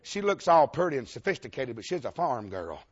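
A man's voice: mid-range voice, sing-song, brisk, husky. A man with a Southern US accent, a Baptist preacher telling a humorous story in a sermon, folksy and emphatic, laughing often and calling out to the congregation. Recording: dull lo-fi sound.

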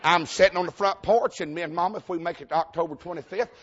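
A Georgia preacher, a man with a thick Southern accent, spins a folksy, self-mocking story from the pulpit, laughing through his lines. His voice sits high and husky and swings all over the place. The recording is dull and lo-fi. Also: quick pace. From Georgia, USA. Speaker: visiting preacher. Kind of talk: humorous storytelling sermon.

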